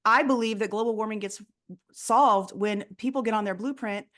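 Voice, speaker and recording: Her voice sits on the high side, a bit bright, at a normal speed. Appearing as a guest in casual interview talk, the woman, a fear coach, earnestly lays out her approach and slips into quoted people's voices along the way.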